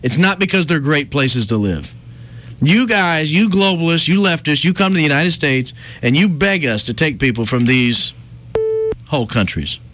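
A man's voice: fairly high pitch, lively intonation, moderate pace, a bit bright. A man hosting a morning talk radio show, sarcastic and mocking in his banter. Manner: sarcastic, mocking, puts on sing-song voices. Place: radio studio.

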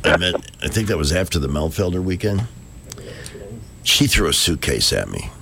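A man's voice: deep voice, big pitch swings, normal speed, vocal fry, sharp tone, slight background noise. A man hosting a local radio show from the studio, rambling and self-deprecating as he tells stories. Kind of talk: casual morning radio chat.

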